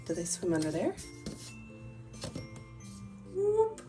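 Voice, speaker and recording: A woman narrates toy play for a little child in a lilting, up-and-down voice. She talks slowly and warmly clear, with faint music playing underneath. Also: mid-range voice, wildly swooping pitch, far from the mic. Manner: sing-song, playful, does small character voices.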